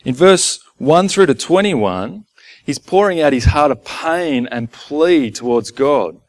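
A man preaching a sermon to his church in a relaxed, conversational way, with asides to the congregation. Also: a little high, slow, dry recording. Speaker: pastor. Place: church gathering.

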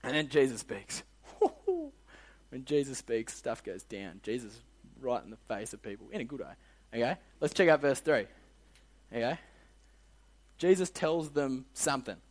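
A young man with an Australian accent teaching a youth Bible lesson, energetic and full of slang, often quizzing his listeners. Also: mid-range voice, fairly quick, long pauses. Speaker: youth leader.

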